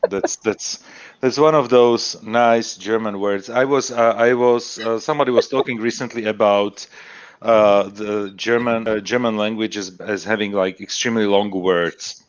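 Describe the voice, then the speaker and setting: A man's voice: lowish voice, steady tone, unhurried, no room sound, lo-fi sound. A man chatting on a stream, hesitant and searching for words, with many restarts. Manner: hesitant, lots of restarts and fillers. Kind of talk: casual chat.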